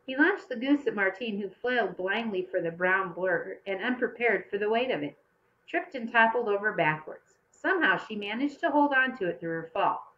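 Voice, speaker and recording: A woman narrates a children's story with a lively, rising and falling pitch. She shifts her voice for the young characters as she reads. The recording sounds muffled and lo-fi. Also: moderate pace. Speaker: audiobook reader.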